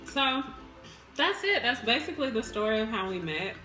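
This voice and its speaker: Bright, chatty young woman vlogger. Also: fairly high pitch, very animated, moderate pace, roomy sound, faint music behind. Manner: chatty, laughs often, addresses viewers as y'all. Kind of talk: casual mukbang chat.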